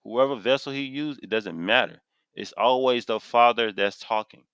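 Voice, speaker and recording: Impassioned male preacher, AAVE, mid pitch, dry close-mic sound, reads then hammers verses. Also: normal speed, a bit bright, smooth, no echo. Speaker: street preacher teaching scripture. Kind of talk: fiery scripture sermon to camera. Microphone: camera mic.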